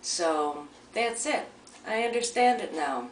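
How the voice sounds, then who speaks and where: A woman tells a personal story in a loose, chatty way, circling back and restarting her sentences as she goes. She sits a little away from the mic, so her voice carries a roomy echo. Her pitch sits in the middle range for a woman. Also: lively intonation, takes it slowly, slight background noise. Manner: chatty, rambling, with many restarts. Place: at home, near a coffee maker. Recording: roomy sound from a distant mic.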